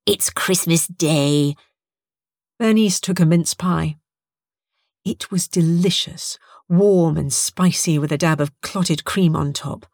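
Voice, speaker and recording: A woman narrating a humorous story in a wry, even storytelling manner. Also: on the low side, unhurried, no echo, clean studio sound.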